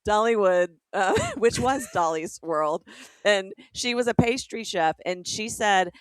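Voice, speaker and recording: A woman's voice: mid-range voice, no echo. Playful woman comedian co-hosting a podcast. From American South. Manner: playful, quick to laugh, mimics voices in jokes. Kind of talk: casual chat.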